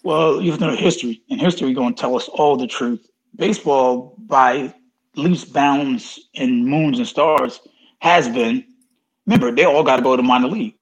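This man in his fifties is a college athletics administrator appearing as an interview guest, speaking at a moderate pace in a husky, medium-pitched voice. He talks casually but emphatically, repeating key phrases for stress. The audio quality is poor.

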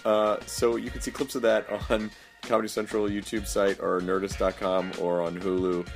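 A man's voice: on the low side, flat delivery, normal speed, vocal fry, faint music behind. Rambling, laughing podcast host man. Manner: rambling, laughs often, lots of fillers. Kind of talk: casual chat.

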